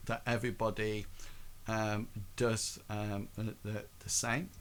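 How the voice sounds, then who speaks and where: A man narrating as game master in a tabletop game, halting and restarting often. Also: lowish voice, level tone, a little hiss or hum.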